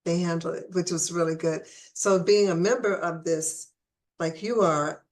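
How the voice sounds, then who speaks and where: A woman's voice: fairly low pitch, normal speed. A woman hosting a casual conversational interview, chatty and restarting her phrases, with the hiccups. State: has the hiccups.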